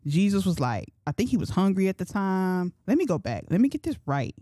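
A woman's voice: medium pitch, big pitch swings, fairly quick, mellow, dry recording, clean studio sound. A young woman in her twenties hosting a podcast, talking about faith in a chatty, slangy way and thinking aloud. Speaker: podcast host. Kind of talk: casual faith talk.

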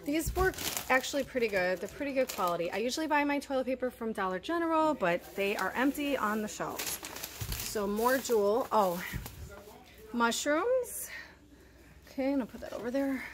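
At home, a woman vlogger unpacks her grocery haul while chatting casually to the camera, calling viewers "you guys" and sounding a little out of breath. Her voice is a little high and sing-song at a normal speed, with a noisy background.

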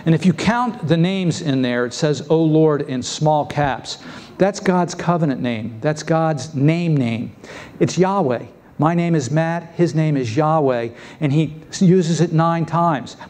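A man preaching a sermon as pastor, lively and acting out the voices of biblical figures. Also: on the high side, measured pace. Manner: lively, acts out scripture voices. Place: church sanctuary.

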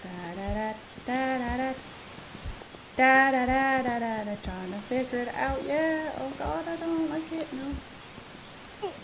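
A high-voiced woman streams a video game, speaking slowly and leaving long pauses. She talks casually to the game and its creatures, laughing often, in relaxed let's-play commentary. There's noticeable background noise.

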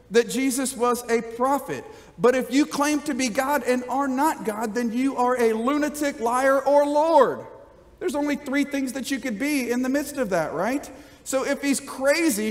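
In a church sanctuary with a long reverb tail, a male pastor preaches a sermon conversationally in a very high-pitched voice. He often checks in with the congregation with "right?" and light jokes.

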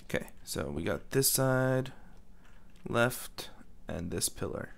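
A man's voice: medium pitch, animated, slow, gravelly, a little hiss or hum. A man doing goofy let's play commentary, rambling and talking back to himself. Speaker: gaming commentator.

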